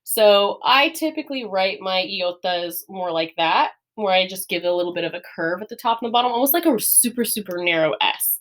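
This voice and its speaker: A woman's voice: mid-range voice, animated, fairly quick, hardly any pauses, fairly bright tone. A woman teacher giving a classroom lesson, explaining patiently step by step with many fillers and light laughs. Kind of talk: classroom lesson on writing letters.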